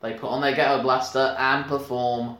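A man's voice: medium pitch, little pitch movement, moderate pace, fairly bright tone. A man co-hosting a podcast, chatting casually about a film, rambling with lots of restarts and laughs. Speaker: podcast co-host. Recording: echoey room.

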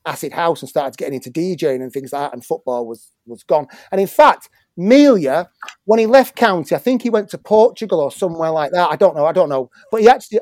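A man's voice: on the high side, darkish tone, dry recording, studio quality. A middle-aged English man telling a football story in casual chat, swearing often and stumbling over his words. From England. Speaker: guest, former footballer and musician.

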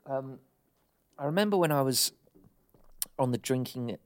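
A man's voice: medium pitch, animated, measured pace. A man co-hosting a relationship podcast with his wife in casual, joking chat. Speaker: podcast co-host.

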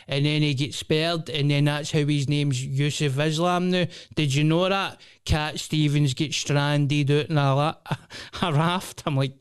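A man's voice: fairly high pitch, little pitch movement, moderate pace, smooth, no room sound, clean studio sound. A Scottish man in his thirties, a comedian telling rambling, sweary stories on his solo podcast. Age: 30s. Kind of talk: casual solo podcast monologue.

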